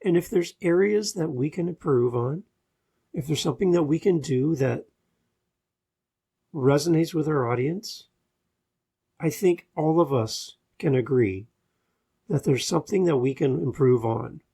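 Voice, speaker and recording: Male podcast host: husky, a bit gravelly, measured delivery with restarts, close mic. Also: on the high side, warm tone. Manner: measured, with frequent restarts and fillers. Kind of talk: podcast advice monologue.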